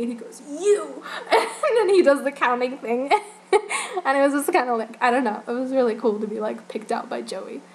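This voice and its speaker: A woman's voice: on the high side, a little hiss or hum, rough recording. A young woman from Northern Virginia chatting casually as a fan vlogger, rambling and giggling, with lots of "like" and "you know". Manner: rambling, giggly, heavy use of "like". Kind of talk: casual chat.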